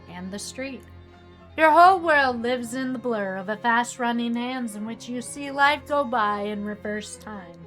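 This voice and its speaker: A woman's voice: on the high side, a bit bright. A woman streamer reading a text game aloud, switching between dramatic narration and casual asides. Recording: faint music behind.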